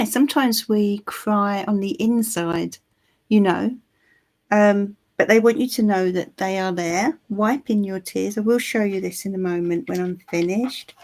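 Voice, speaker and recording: A woman giving a live psychic reading, soothing and reassuring, with frequent pauses and restarts. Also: mid-range voice, a little mellow. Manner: soothing, reassuring, calls the listener "my love"; halting, with many ums and restarts. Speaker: tarot reader.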